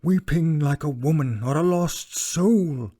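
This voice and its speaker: Storybook role: man doing an elderly butler, high-pitched, slow, hushed and afraid. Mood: grieving. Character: elderly male butler, frightened and grave.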